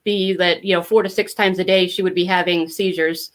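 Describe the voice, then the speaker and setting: A woman's voice: on the low side, fairly even intonation, fairly quick. A middle-aged woman telling her family story as a podcast guest, candid and talkative, with many fillers. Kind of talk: casual interview storytelling.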